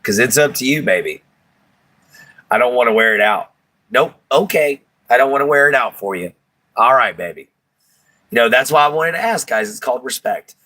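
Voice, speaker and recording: A man's voice: medium pitch, expressive, moderate pace, pauses often, sharp tone. A man hosting a casual live stream, chatty and affectionate with many fillers.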